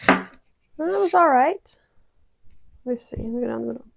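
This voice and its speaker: A woman's voice: high-pitched, expressive, normal speed, vocal fry, noisy background. A woman casually testing kitchen gadgets at home, chatty and prone to dramatic exclamations. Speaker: product-testing vlogger. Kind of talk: casual kitchen product review.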